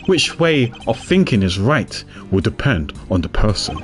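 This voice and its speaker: A man doing a calm, deep-voiced prosecutor mentor. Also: faint music behind. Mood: calm lecturing. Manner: low, measured and lecturing. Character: composed older male prosecutor, calm mentor. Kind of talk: reading game dialogue aloud.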